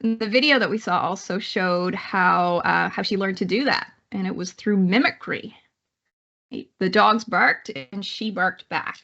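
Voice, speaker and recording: A woman's voice: mid-range voice, unhurried, creaky, fairly bright tone, lo-fi sound. A woman with a Canadian accent giving a live online psychology lecture in a conversational way, with many fillers and restarts. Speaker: psychology instructor.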